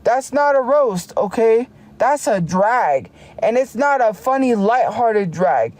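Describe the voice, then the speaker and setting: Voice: medium pitch, sing-song, slow pace, a little mellow, no room sound. A streamer ranting heatedly on a casual livestream, often restarting sentences. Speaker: live streamer.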